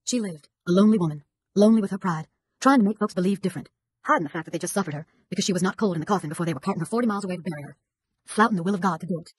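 A woman's voice: lowish voice, rapid-fire, a little mellow, a little hiss or hum. A woman reading a first-person chapter of a novel as an audiobook, with an indignant, gossipy manner. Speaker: audiobook narrator.

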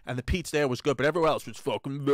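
A man's voice: medium pitch, very fast, dry recording. Give me a rambling New man telling a story on a comedy podcast, with a dry, close sound. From Brooklyn, New York. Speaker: podcast co-host. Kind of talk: casual comedic chat.

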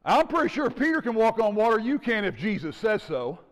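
A man preaching a sermon as pastor, animated and calling out to the congregation for responses. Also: sits high, a little fast. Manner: animated preaching with audience call-outs. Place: church sanctuary. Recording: church hall with long reverb.

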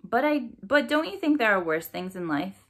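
A woman's voice: on the high side, very animated, moderate pace, fairly bright tone, voice pushed up. A woman reading as a sarcastic young girl. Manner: sarcastic, grudging. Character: young girl writing grudging apology letters. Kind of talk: storybook read-aloud.

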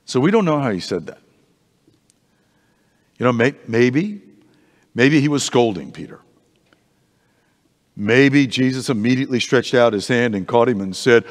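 A man teaching an adult Bible class in a church, conversational and animated, often restarting his sentences, in a reverberant hall. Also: medium pitch, normal speed, pauses often.

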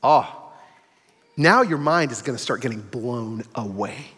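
A man preaching a sermon as a guest preacher, telling stories in an animated way and acting out the quotes. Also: medium pitch, unhurried, breathy edge, long reverb tail. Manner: animated storytelling with acted quotes. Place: large church sanctuary.

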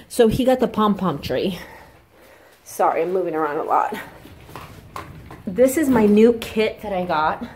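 A young woman chatting excitedly in a casual vlog, telling stories as she moves around her home and yard. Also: mid-range voice, a little slow, long pauses, slight background noise. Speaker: vlogger and makeup artist.

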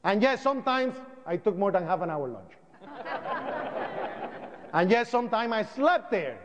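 Lively man telling a story to an audience, high voice, dull recording echoing in a hall. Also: slow. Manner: animated storytelling, acts out sounds and voices. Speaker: speaker recounting events. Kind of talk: public talk to an audience. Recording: dull lo-fi sound, long hall reverb.

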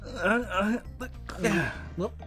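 A man's voice: high voice, takes it slowly, soft background music. A man playing a video game and trading playful, teasing jokes with a friend. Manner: playful, teasing, deadpan asides. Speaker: let's play player. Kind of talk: casual gameplay banter.

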